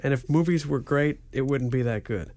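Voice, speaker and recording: A man's voice: mid-range voice, normal speed, darkish tone, dry recording. Dry-joking man co-hosting a review. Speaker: podcast co-host. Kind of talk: casual movie review chat.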